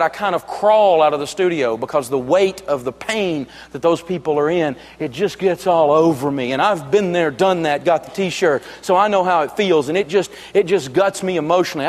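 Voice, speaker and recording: A man's voice: on the high side, normal speed, few pauses, long reverb tail. A man giving a live seminar talk, telling jokey stories in a folksy, emphatic way. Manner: joking storyteller, folksy and emphatic. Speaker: money speaker and radio host.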